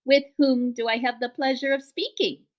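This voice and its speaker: A woman voicing a calm, polite female robot mother who speaks in formal, measured sentences. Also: mid-range voice. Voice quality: gentle, formal, measured speech.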